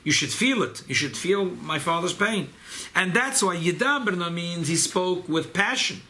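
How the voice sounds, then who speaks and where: A man teaching a Torah class to a small gathering, animated and emphatic, sprinkling in Hebrew and Yiddish terms. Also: high-pitched, moderate pace. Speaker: rabbi leading a study gathering.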